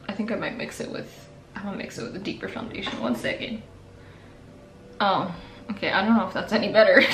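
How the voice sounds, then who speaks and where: A woman's voice: medium pitch, a bit bright. A young woman chatting casually and playfully through a makeup tutorial in her apartment, laughing often. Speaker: beauty vlogger. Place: apartment room. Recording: echoey room, faint background noise.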